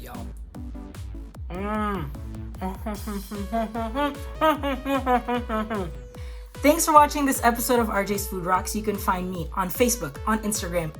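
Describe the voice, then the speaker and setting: A woman hosting her own cooking show, chatting casually and upbeat through a recipe with lots of "like" and "um". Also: fairly low pitch. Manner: chatty, upbeat, full of "like" and "um" fillers. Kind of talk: casual cooking vlog chat.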